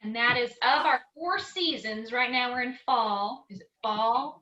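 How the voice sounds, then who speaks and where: A woman's voice: fairly high pitch, unhurried, hardly any pauses, echoey room, muffled recording, over loud music. A woman co-hosting a recreation program over a video call, upbeat and encouraging as she calls on participants by name.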